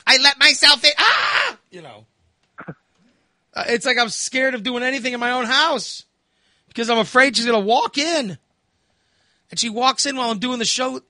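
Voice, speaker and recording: A man's voice: very high-pitched, fairly quick, sharp tone, no room sound, studio quality. A man hosting a podcast, telling stories in casual chat with laughs and voiced asides. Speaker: podcast host.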